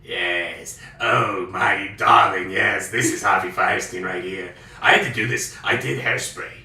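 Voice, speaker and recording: Brief: man doing a low, gravelly, campy star impression, roomy sound. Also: measured pace, bright, forceful tone, recorded from a distance, exaggerated voice. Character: impression of a famous gravelly-voiced male actor.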